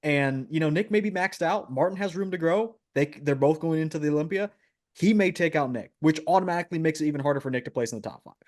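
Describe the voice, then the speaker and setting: Animated, higher-voiced man co-hosting a podcast. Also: fast. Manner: animated, repeats phrases, laughs often. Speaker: podcast co-host. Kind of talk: casual podcast chat.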